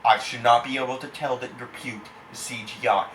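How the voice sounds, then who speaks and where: A man's voice: mid-range voice, fairly even intonation, fairly quick, fairly bright tone. Angry, foul-mouthed male movie reviewer. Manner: angry, profane, insulting. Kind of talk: ranting film review. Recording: echoey room, faint background hiss.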